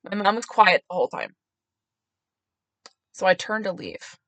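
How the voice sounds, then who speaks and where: A woman tells a story on her podcast in a bright, clear voice. She acts out the people she quotes with sudden high jumps in pitch and laughs easily. The sound is dry and close to the mic. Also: animated, unhurried, no room sound. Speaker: podcast host telling a story. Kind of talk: casual storytelling monologue.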